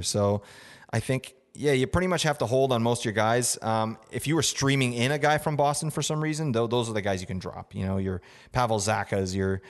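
A man's voice: on the low side, big-room sound. A young man hosting a casual fantasy sports podcast, rambling with lots of fillers and asking "right?" often. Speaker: podcast host. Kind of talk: casual fantasy hockey advice.

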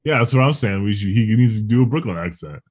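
A man co-hosting a podcast in casual chat, joking easily and laughing often, with a husky voice. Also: lowish voice, animated, quick pace, crowd noise. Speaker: podcast co-host.

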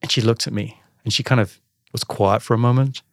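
A man telling a personal business story in a casual interview, acting out the dialogue with animated voices. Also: medium pitch, fairly quick, vocal fry, no room sound, studio quality. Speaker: podcast guest, entrepreneur.

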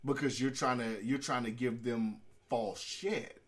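A man's voice: mid-range voice, steady tone, measured pace. A man co-hosting a casual podcast, talking loosely and profanely about the news, laughing often. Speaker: podcast co-host. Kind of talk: casual chat.

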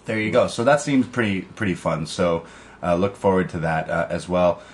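Chatty low-voiced man co-hosting. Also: moderate pace, a little hiss or hum. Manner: chatty, laughs often, quotes wrestlers in put-on voices. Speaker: podcast co-host. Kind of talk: casual chat.

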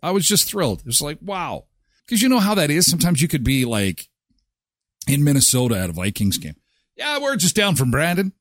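A man's voice: fairly high pitch, a little fast, no echo, studio quality. A man from Canada hosting a casual live morning show, chatting and reading sponsor spots. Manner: chatty and animated, jumps into quoted voices.

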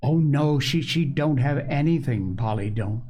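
A man voicing an eager, earnest four-year-old girl in a storybook reading, in a high, excited, pleading voice. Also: unhurried, breathy edge.

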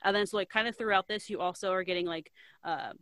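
A woman in casual chat, retelling a story in a rambling, animated way, filling every pause with "like". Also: mid-range voice, no echo. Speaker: co-host recapping a book.

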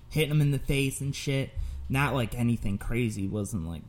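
Mid-pitched man, casual podcast host, profane, rambling storyteller. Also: moderate pace, darkish tone.

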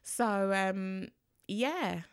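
A woman speaking in a relaxed, conversational way, recounting her own experiences. She lively mimics the people she quotes, and the sound is close and dry with no room echo. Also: medium pitch, drawn-out words, smooth. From England. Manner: animated, acts out voices in quotes. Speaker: guest. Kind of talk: casual storytelling.

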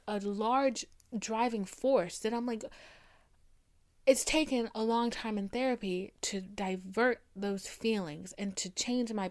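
A young woman hosting a podcast, talking in a candid, emphatic way and swearing freely as she speaks her mind. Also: on the high side. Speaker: podcast host. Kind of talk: casual monologue.

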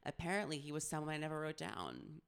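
A man co-hosting a podcast, teasing his co-host and chiming in with quick remarks in casual chat. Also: fairly high pitch, lively intonation, vocal fry, fairly bright tone, smooth.

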